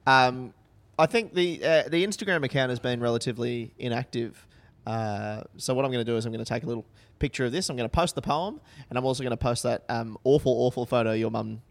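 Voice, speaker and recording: A man's voice: medium pitch, fast talker, gravelly. A man in his thirties co-hosting a podcast, reading a magazine aloud in a dry, playful way. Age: 30s. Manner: dry, playful, reads in mock tones. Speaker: podcast co-host. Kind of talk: casual chat, reading aloud.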